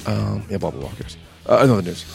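Male co-host, lowish, dry news reader with snark. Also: lively intonation, fast talker, creaky, slightly rough, soft background music. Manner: wry, dismissive asides. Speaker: podcast co-host reading wrestling news. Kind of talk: casual news chat.

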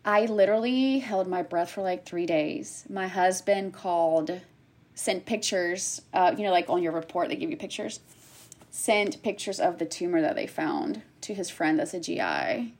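A woman in her thirties telling a personal story in conversation, animated and acting out what others said in quick bursts. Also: fairly low pitch. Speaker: guest sharing a personal story.

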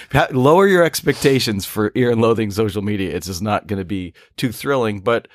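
A man's voice: lowish voice, animated, normal speed, dry recording, clean studio sound. A man co-hosting a casual comedy podcast, loose and jokey, laughing often. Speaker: podcast co-host.

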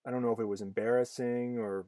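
A man's voice: medium pitch, steady tone, quick pace, mellow, no echo. A man hosting a podcast in casual conversation, rambling with lots of fillers and restarts. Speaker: podcast host.

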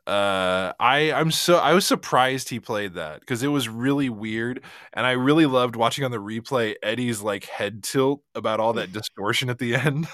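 A man's voice: mid-range voice, moderate pace, hardly any pauses, fairly bright tone, dry recording, studio quality. A man co-hosting a podcast in casual chat, rambling through stories, laughing often and acting out bits of dialogue. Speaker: podcast co-host.

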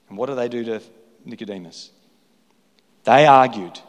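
A man's voice: mid-range voice, normal speed, long pauses. A male pastor preaching an emphatic sermon full of rhetorical questions in a large church hall. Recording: long hall reverb.

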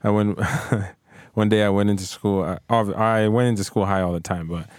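A man's voice: on the low side, steady tone, moderate pace, a little mellow, smooth, no room sound, studio quality. A man co-hosting a podcast, telling a story in a laid-back, profane way. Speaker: podcast co-host. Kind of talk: casual storytelling.

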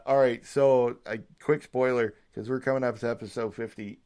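A young man hosting a casual solo podcast, rambling excitedly like a hyped fan and swearing freely. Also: mid-range voice, normal speed, few pauses. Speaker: podcast host.

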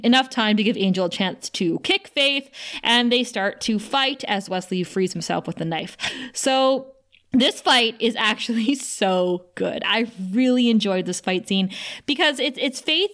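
A woman's voice: a little high, fairly bright tone. A woman co-hosting a casual podcast, enthusiastically recapping a TV episode in a chatty, restart-filled way. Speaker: podcast co-host.

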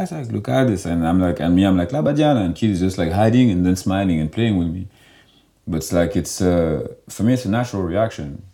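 A young man talking casually in an interview, loose and animated, and he fills his speech with "like.". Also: low-pitched. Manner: loose and animated, heavy filler "like". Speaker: guest.

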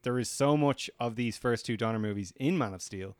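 A man co-hosts a casual film podcast with a mid-range voice. He sounds animated and opinionated as he steers the segments, and his voice comes across dry and close with no room sound. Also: medium pitch, a little fast, no room sound. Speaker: podcast co-host.

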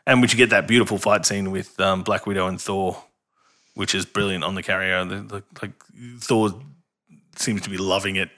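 Bright-voiced man chatting eagerly. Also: deep voice, flat delivery, normal speed. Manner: enthusiastic, rambling with many fillers. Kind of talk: casual chat.

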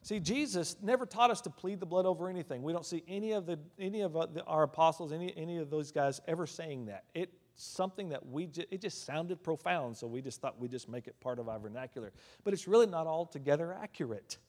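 A man preaching a sermon who swings between hushed asides and loud emphatic declarations, calling out hallelujah and amen between points. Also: a little high, expressive, fast talker, few pauses. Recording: long reverb of a large hall.

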